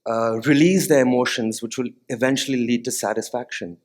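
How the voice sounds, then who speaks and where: An earnest man speaking as a music therapist in a talk on a stage before a live audience. His voice sits at an ordinary middle pitch, and he pauses to put questions to the listeners. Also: darkish tone. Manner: sings short nursery melodies as demonstrations. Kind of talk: TEDx-style stage talk.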